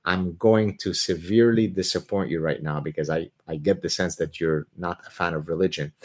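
A man hosting a live question-and-answer stream, talking in an animated, opinionated way with joking asides. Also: low voice, fairly quick, breathy edge. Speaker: host answering viewer questions.

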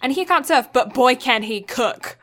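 Her voice sits high and sounds pushed and bright, animated at a normal pace. As a young podcast co-host, she retells a movie's plot in a loose, chatty style, leaning on lots of fillers.

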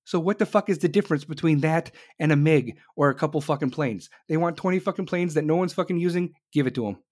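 Swearing at nearly every turn, an American man delivers a fast, angry political rant. His voice is on the high side, and he speaks loudly, bluntly and combatively, repeatedly slipping into sarcastic, mocking asides.

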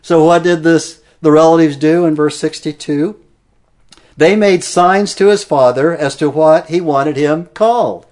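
Man preacher, slightly higher voice, earnest verse-by-verse sermon delivery. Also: a little slow, darkish tone. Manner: earnest, explanatory, stresses key words. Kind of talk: expository sermon.

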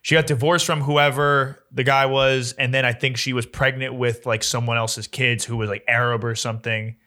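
Co-host, bright sharp tone, slangy laid-back chatter. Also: male voice, mid-range voice, flat delivery, moderate pace. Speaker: podcast co-host. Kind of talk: casual chat.

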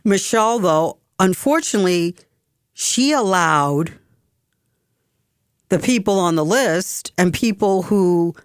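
Slow, low-pitched exasperated woman commentator. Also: lively intonation, smooth, no echo, studio quality. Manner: emphatic, exasperated, with frequent restarts. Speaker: political commentator. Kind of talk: political commentary monologue.

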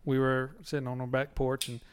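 A man telling a story in casual chat, relaxed and unhurried. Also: mid-range voice, clean tone. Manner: relaxed, drawn-out storytelling with laughs.

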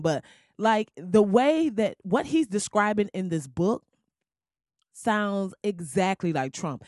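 A woman's voice: medium pitch, takes it slowly, dry recording, studio quality. Laughing, slangy woman podcast host. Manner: loud, laughing, slangy and animated. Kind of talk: casual comedic podcast monologue. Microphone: crackly podcast mic.

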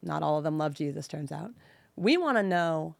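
Woman in her thirties, frank and emotional storyteller, gravelly, dry close sound. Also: sits low, animated, darkish tone, dry recording. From San Francisco Bay Area, US. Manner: frank and emotional, slows on painful details. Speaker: podcast guest. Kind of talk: candid personal storytelling.

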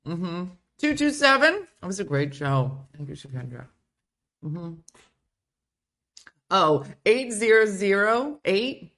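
A woman's voice: medium pitch, very animated, slow pace, pauses often, a bit bright. A woman hosting a casual livestream chat from home, playfully riffing on viewer comments. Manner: playful, reads viewer comments aloud and riffs on them. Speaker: show host.

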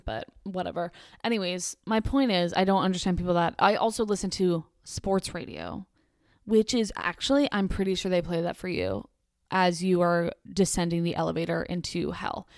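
A woman's voice: on the low side, gravelly, no echo. Chatty young woman podcaster, dry close sound. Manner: chatty, rambling, heavy use of "like". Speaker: podcast host. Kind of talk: casual solo podcast monologue.

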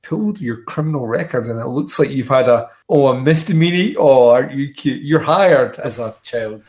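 A man's voice: medium pitch, expressive, normal speed, darkish tone, natural voice. A man voicing a patronizing hiring manager who talks down to an applicant.

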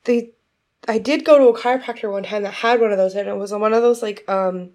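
A young woman chatting casually as a podcast co-host, relaxed and easygoing. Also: mid-range voice, fairly quick. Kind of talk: casual chat.

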